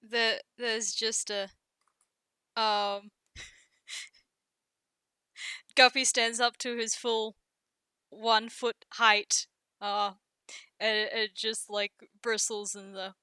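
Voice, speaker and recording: A woman's voice: a little high, flat delivery, very slow, pauses often, sharp tone, clear, resonant tone, dry recording, studio quality. A woman hesitantly describing her characters' reactions in a tabletop role-play, with many fillers.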